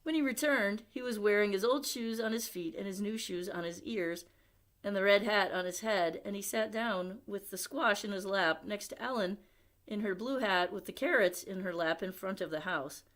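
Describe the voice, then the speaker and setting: Give me a woman storyteller reading a picture book to children, expressive and chatty. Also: mid-range voice, normal speed. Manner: expressive, with chatty asides to young listeners. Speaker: library storyteller.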